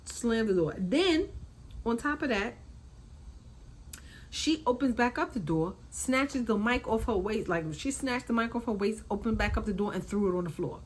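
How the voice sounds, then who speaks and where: A woman's voice: normal speed, low-quality recording. Chatty woman recapping with repeated emphasis. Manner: animated, repeats points, acts out quotes in a high voice. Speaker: reality TV recap host. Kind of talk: casual recap commentary.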